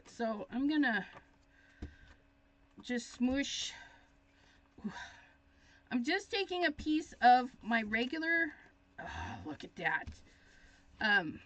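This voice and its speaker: A woman talks viewers through a crafting project in a casual, thinking-aloud way, getting excited as she goes. Her voice sits on the higher side and her pace is leisurely. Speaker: craft demonstrator. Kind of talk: live crafting tutorial chat.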